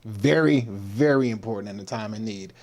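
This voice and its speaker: A man's voice: fairly low pitch, moderate pace, a little mellow. Joking man hosting a livestream. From Texas. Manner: playful, repetitive, laid-back slang. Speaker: fitness coach, livestream host.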